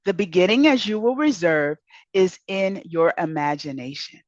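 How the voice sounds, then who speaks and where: A woman's voice: on the low side, animated, moderate pace, dry recording, muffled recording. A woman who is a self-help author and coach, giving an earnest, encouraging motivational talk and repeating key words for emphasis.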